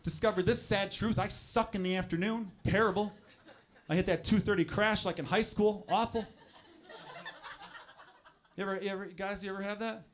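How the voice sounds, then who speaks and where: Male stand-up comedian, high voice, blunt and animated, handheld mic, noisy live club. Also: moderate pace, pauses often. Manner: blunt, animated, acts out exasperated inner voices. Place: comedy club stage with audience laughter. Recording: noisy live room with audience.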